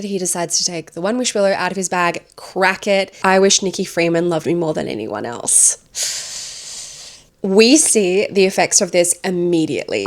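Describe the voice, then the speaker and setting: A woman reviewing a horror film, chatting enthusiastically as she retells its plot scene by scene. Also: lowish voice.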